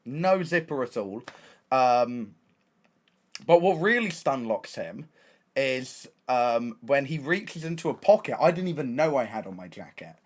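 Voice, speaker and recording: A young man with an English accent, a streamer telling a story in a casual, excitable way, full of slang and restarts. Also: medium pitch, measured pace. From England.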